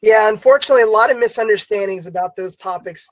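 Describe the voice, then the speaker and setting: A man's voice: high voice, fast, no room sound, low-quality recording. A man hosting an online Bible class discussion, talking casually with many fillers. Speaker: class host.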